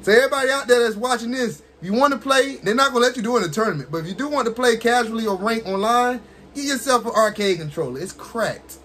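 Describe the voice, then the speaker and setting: A man casually commentating his own fighting game match, excitable, talking to the characters on screen and laughing often. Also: extremely high pitch, quick pace. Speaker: gaming streamer.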